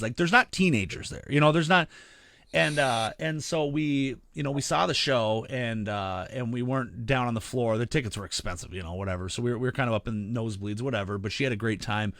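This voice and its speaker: A man's voice: medium pitch, fairly bright tone, no room sound. A man in his thirties rambling through a casual podcast chat, packed with "you know" and false starts. His talk is loose and profane. The sound is dry and close, with no room in it. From Midwestern United States. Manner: rambling, many fillers and restarts, profane. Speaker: podcast co-host.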